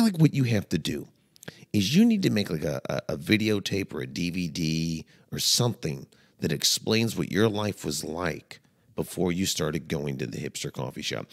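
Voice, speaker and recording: Low-voiced man, animated comic host. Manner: playful, mock-dramatic, swings between low mutters and high exclaims. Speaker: comedy podcast host. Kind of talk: comedic monologue.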